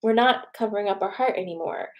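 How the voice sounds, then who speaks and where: A woman's voice: mid-range voice, quick pace. A woman hosting a casual card reading, chatty and encouraging, often checking in with okay and right. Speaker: tarot card reader and host.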